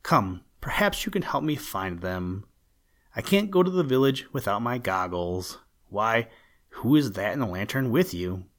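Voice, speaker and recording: A man's voice: lowish voice, sing-song, unhurried, a bit bright. A man reading as a jolly little witch. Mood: cheerful.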